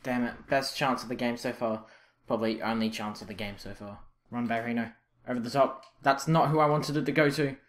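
A young man commentating his own football video game, reacting loudly and with frustration to misses and saves. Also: mid-range voice, steady tone, brisk. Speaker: gaming channel host. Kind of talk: live gameplay commentary.

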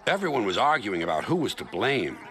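A man narrating a children's story in a lively, expressive way. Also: lowish voice, fairly quick. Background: loud music.

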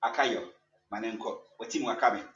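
A man with a Ghanaian accent, a church elder preaching a sermon and telling a story with lively sound effects and English phrases mixed in. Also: fairly low pitch, brisk. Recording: echoey, distant, dull with faint hum.

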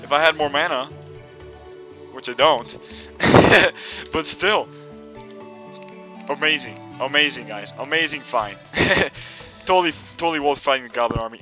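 A young man giving casual, excitable commentary over his own gameplay, laughing often and talking back to enemies on screen, with game music playing behind him. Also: a little high, unhurried, pauses often. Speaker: gameplay video host. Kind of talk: casual let's-play commentary.

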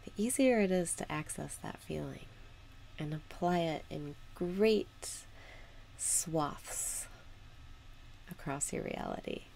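A woman talks a listener through a guided meditation in a low voice. Her delivery is slow and calm, with a strong gravelly fry running through her speech. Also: a little hiss or hum.

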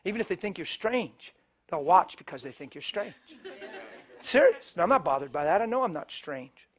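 A man's voice: sits high, sing-song, normal speed, a crowd in the background. A middle-aged male preacher telling a story to his congregation, acting out both sides of the conversations as he goes. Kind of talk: storytelling sermon. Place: church before a live congregation.

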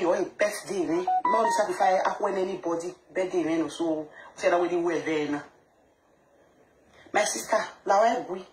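A woman with a Nigerian accent talking casually to camera as a vlogger, animated and repeating her phrases, mixing pidgin into her English. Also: lowish voice. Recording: echoey room with faint noise.

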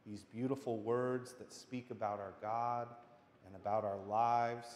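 A pastor gives a playful children's message during worship in a church sanctuary, where the echoey hall has long reverb and slight background noise. His mid-range, darkish voice is a little slow and fairly even, and he speaks simply and encouragingly.

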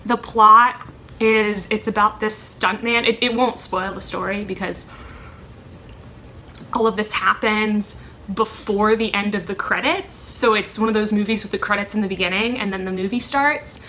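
Chatty young woman, bright voice. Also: mid-range voice, steady tone, normal speed, slight background noise. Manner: rambling, chatty, many ums and self-corrections. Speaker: vlogger answering a question tag. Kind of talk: casual chat.

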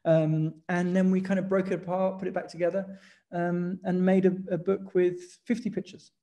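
Chatting casually as a guest, an English photographer recounts things with animated, storytelling energy and frequent laughter. His voice sits high and moves at a normal speed.

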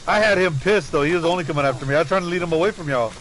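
A man commentating his own gameplay, loud and profane, taunting and laughing, with swings from low mutters to shouts. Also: rapid-fire, a little hiss or hum, poor audio. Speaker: gamer streaming play.

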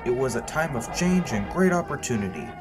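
A man giving steady storybook narration. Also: medium pitch, brisk, music in the background.

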